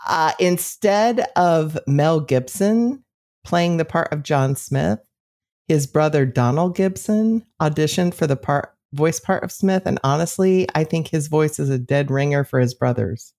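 A woman's voice: deep voice, expressive, a little slow, a little mellow. A woman co-hosting a podcast, sharing film trivia and agreeing in casual chat. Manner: thoughtful, shares trivia, agreeable. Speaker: podcast co-host.

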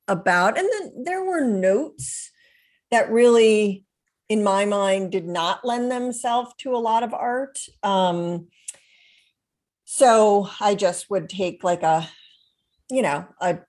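A middle-aged woman, a self-taught collage artist, talking through her work in a thoughtful, rambling way with many restarts. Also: mid-range voice. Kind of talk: conversational interview.

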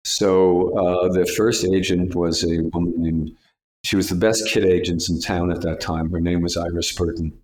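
A man's voice: low-pitched, little pitch movement, normal speed, darkish tone. An older man, a retired casting director, tells anecdotes in an interview and acts out the voices of people he quotes. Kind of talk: storytelling interview.

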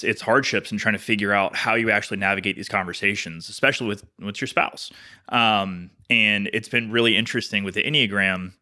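A man co-hosting a podcast, talking casually in a reflective, measured way with many fillers. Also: on the low side, sharp tone. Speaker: podcast co-host. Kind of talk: casual chat.

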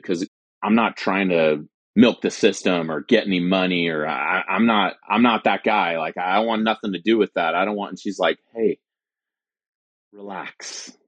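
A man's voice: deep voice, no echo. A man in his forties, a military veteran, telling his story candidly and acting out remembered conversations. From United States. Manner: earnest, candid, acts out quoted dialogue. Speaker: veteran guest. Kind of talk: personal storytelling.

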